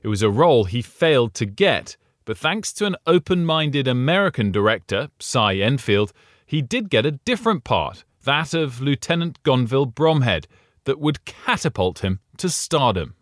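A man giving scripted documentary narration in a measured, even storytelling delivery. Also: mid-range voice, no echo, clean studio sound. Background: music bed.

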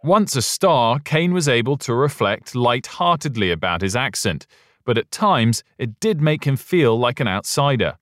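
A man reading scripted documentary narration in a measured, even storytelling manner. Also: medium pitch, no echo, clean studio sound. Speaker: podcast narrator. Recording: narration over guitar music.

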